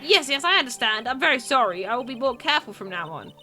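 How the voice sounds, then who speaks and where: A woman's voice: high-pitched, sing-song, fast, pushed and bright, soft background music, full character voice. A woman voicing a meek, deferential middle-aged male prosecutor in a game read-through. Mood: fawning. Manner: deferential, apologetic.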